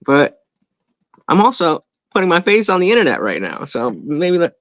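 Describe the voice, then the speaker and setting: A man's voice: on the high side, huge pitch swings, moderate pace, a bit bright, dry recording, highs cut off. A young man chatting casually on a live stream at home, rambling and interrupting himself with jokes. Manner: rambling, self-interrupting, jokey. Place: at home indoors. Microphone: desk microphone.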